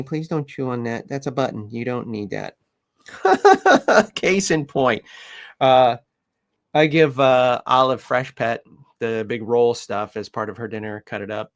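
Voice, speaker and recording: Man, dog trainer, loose rambling chat, middle pitch, full of ums and restarts, softens to gentle coaxing. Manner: rambling, lots of fillers, coos softly when quoting himself to the puppy. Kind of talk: casual talk to camera.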